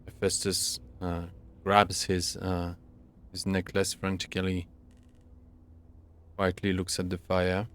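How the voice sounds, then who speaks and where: Man, game master, slow halting narration, filler-heavy, online call. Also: sits low, completely flat delivery, a bit bright, a little hiss or hum.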